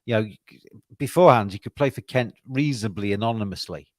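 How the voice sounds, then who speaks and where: Low, dry-voiced man chatting cricket. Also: quick pace, no echo. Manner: rambling, many restarts, earnest. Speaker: podcast co-host. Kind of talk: casual cricket chat.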